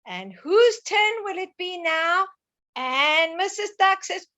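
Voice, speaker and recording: A woman's voice: very high voice, very animated, takes it slowly, sharp tone, highs cut off. A woman teaching a lesson to young children, sing-song and coaxing, asking them questions as she goes.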